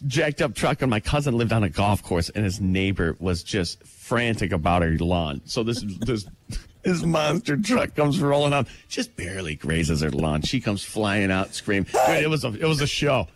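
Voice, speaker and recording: A man co-hosting a show, telling excitable stories in casual banter. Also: on the low side, moderate pace, slight background noise. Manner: excitable, tells stories with "dude". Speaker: radio show co-host.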